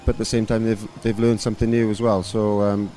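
A man in his thirties, a rugby coach, answering interview questions in a relaxed, rambling way with lots of fillers. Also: on the low side, fairly quick, faint music behind. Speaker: rugby coach and former player.

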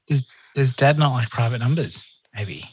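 A man's voice: mid-range voice, normal speed, very noisy. An Australian man co-hosting a podcast, chatty and teasing as he introduces segments. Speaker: podcast co-host. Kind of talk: casual podcast chat.

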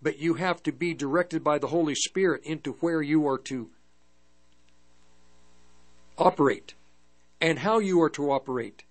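An older man preaches with a slightly high voice, stopping and restarting as he tells a story from his past. A low mains hum sits under the recording. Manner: halting, storytelling, frequent restarts. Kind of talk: testimony sermon.

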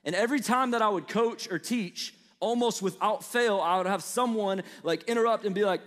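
A man's voice: high-pitched, fast talker, hardly any pauses, big-room sound. A young man from the Midwestern US with a light Southern twang, preaching to college students in a casual, chatty way full of fillers and asides. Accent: Midwestern American with a slight Southern twang. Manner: conversational, storytelling, lots of fillers and asides.

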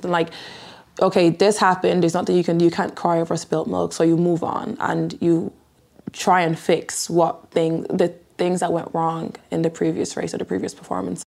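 A woman's voice: on the low side, gravelly, a little mellow. A young woman in her twenties with a Dublin accent, talking casually in an interview, full of "like" fillers. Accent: Irish, Dublin. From Ireland. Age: 20s. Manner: chatty, lots of "like" fillers. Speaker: athlete interviewee.

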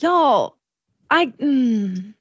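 A woman co-hosting a pop culture podcast, excitable and colloquial, laughing often. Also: high-pitched, extremely slow, no echo, highs cut off. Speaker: podcast co-host. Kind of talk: casual chat.

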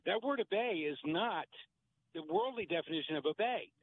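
A man's voice: sits high, animated, moderate pace. A man calling into a radio show, earnest and quoting scripture as he talks. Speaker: caller. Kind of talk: phone-in talk. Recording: tinny phone line with faint noise.

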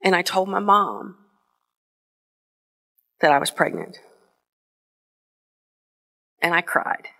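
Slow, bright-voiced woman telling a story. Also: fairly low pitch, very animated, gravelly. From Northwest Ohio, USA. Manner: slow, deliberate, emotional delivery with pauses. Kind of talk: live personal storytelling on stage. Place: theater stage before an audience.

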